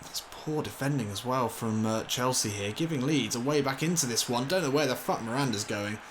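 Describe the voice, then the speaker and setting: A man commentating on his own football video game session, excitable and swearing, shouting when things go wrong. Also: medium pitch, fairly quick, background noise. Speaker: gaming commentator.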